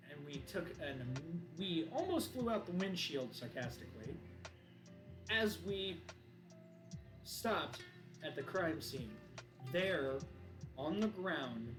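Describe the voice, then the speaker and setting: A male streamer narrates his improvised tale with dramatic, animated delivery and a lively rise and fall. His voice sits a touch higher than most men's. Loud music plays underneath. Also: reverberant, rough recording. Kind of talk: improvised spoken storytelling. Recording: voice over loud background music.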